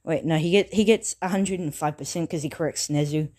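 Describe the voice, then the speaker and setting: A woman with a low, dark voice casually retelling a fan story. She stops and restarts often, filling gaps with ums and likes. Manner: halting, full of fillers and self-corrections.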